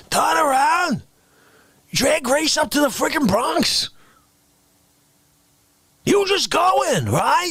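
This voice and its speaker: A man putting on an indignant loudmouth character who scolds viewers, shouting outraged questions and dropping into hissed whispers. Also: very high voice, creaky, voice pushed up, full character voice. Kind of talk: improvised comic rant.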